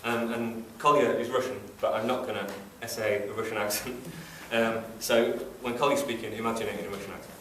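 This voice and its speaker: A man with a Yorkshire accent, an author talking and reading at a book launch in a thoughtful, halting way with many ums. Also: lowish voice, steady tone, a bit bright, distant mic, a little hiss or hum. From Wakefield, England. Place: festival event room. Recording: echoey room picked up from afar.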